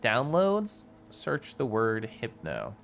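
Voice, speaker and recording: A young man talks to his live-stream chat while he plays, his pitch swinging widely from line to line. He rambles in a loose, flowing monologue and laughs often. His voice sits at an ordinary middle pitch for a man. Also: wildly swooping pitch, slow pace, creaky, a bit bright, faint music behind.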